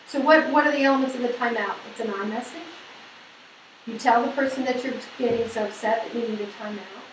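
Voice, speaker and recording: Woman, seminar presenter, animated, quizzes the audience, echoey room, faint room noise. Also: fairly high pitch, brisk. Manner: lively, asks the audience questions, acts out quoted people. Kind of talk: lecture to a women's group. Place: hall or meeting room. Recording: echoey room, mic at a distance.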